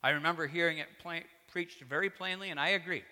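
Male preacher, bright slightly high voice, fervent then hushed, reverberant church hall. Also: fast. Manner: earnest, rising to fervent emphasis then dropping low. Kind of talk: sermon. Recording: echoey hall.

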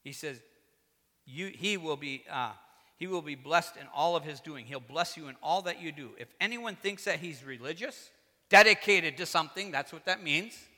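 Bright-voiced preacher in an echoey hall. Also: male voice, expressive, normal speed. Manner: earnest, rising to fervent emphasis then dropping low. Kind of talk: sermon.

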